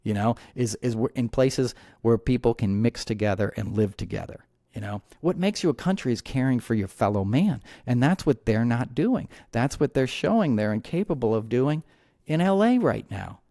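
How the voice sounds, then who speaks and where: A man's voice: medium pitch, animated, moderate pace, dark tone, dry recording, studio quality. A man hosting a podcast, ranting heatedly about politics with many restarts and repeated words. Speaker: podcast host. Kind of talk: angry political commentary.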